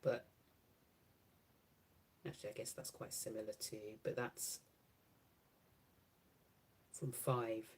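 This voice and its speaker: A woman's voice: rumbling low, level tone, slow, long pauses, a little mellow, breathy edge. A woman beauty creator chatting casually through a makeup swatch demo, musing aloud and correcting herself as she goes.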